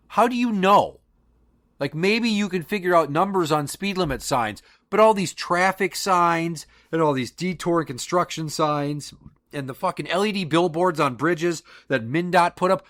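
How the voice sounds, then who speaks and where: A man's voice: sits high, a bit bright. A man hosting a podcast, delivering an angry, profanity-laced monologue with emphatic outbursts. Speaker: podcast host.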